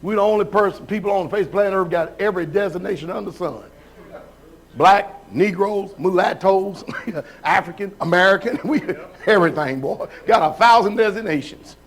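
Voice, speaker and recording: A man with a high voice, speaking at a normal pace, delivers a live sermon as a pastor. He calls members forward and checks in with the congregation, asking whether they're following him.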